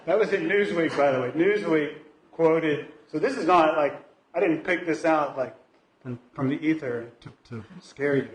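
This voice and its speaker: A man's voice: on the high side, a little slow, slight background noise. Hesitant, chatty man in an echoey church. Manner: conversational, hesitant, many fillers and restarts. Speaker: lay speaker at a church service. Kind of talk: informal talk from the pulpit. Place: church sanctuary.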